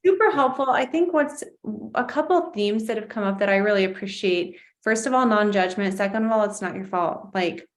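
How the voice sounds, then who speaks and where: A woman hosting an interview, speaking in a gentle, thoughtful way with halting restarts. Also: mid-range voice. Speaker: podcast host. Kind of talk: casual interview chat.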